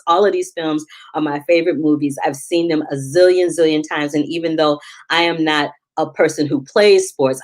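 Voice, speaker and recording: A middle-aged woman hosting a movie review show, chatty and animated, with quick asides and laughter. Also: sits low. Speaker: film critic and show host. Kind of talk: casual movie review vlog.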